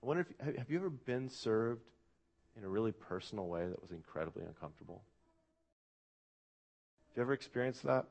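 A man's voice: medium pitch, expressive, fairly quick, creaky, long pauses, darkish tone, dull audio. A man preaching a sermon to a church congregation in an earnest, reflective way. He often asks the listeners questions and uses "uh" fillers. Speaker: pastor.

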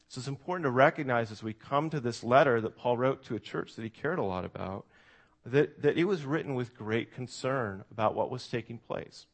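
An American man preaches to his church. His talk is lively and conversational. He turns to the kids in the pews now and then, and his voice sits at an everyday middle pitch. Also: brisk. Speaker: pastor. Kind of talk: sermon.

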